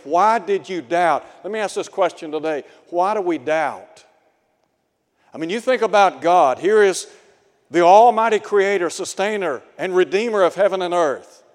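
A man preaching a radio sermon, slow and deliberate, asking his listeners pointed rhetorical questions. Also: high voice, in a large hall.

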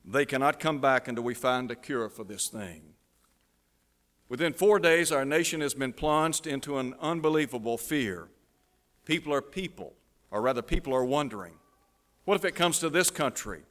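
A man preaching a dramatic sermon illustration, dropping to a hush at the tense moments. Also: mid-range voice, normal speed. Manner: dramatic, drops to a hush at emotional peaks. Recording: long hall reverb.

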